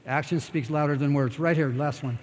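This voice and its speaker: A man's voice: a little high, steady tone, brisk, background noise. An older American man giving a candid, rambling talk on stage and answering audience questions, blunt and full of swearing. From United States. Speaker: guest speaker. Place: expo talk stage in a large hall. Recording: long hall reverb.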